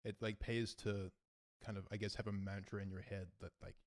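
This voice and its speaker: Low-ish young guy thinking out loud, lots of likes, trails off soft. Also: flat delivery, a little fast. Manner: reflective, trails off quietly, many fillers. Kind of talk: casual chat.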